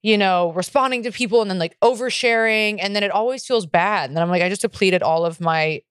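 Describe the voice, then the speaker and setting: A woman's voice: medium pitch, brisk, fairly bright tone, smooth, dry recording, studio quality. A young woman co-hosting a podcast in casual chat, candid and profane, rambling with lots of fillers. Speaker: podcast co-host.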